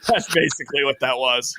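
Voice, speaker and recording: Bright-voiced man co-hosting sports talk. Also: medium pitch, husky, dry recording. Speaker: podcast co-host.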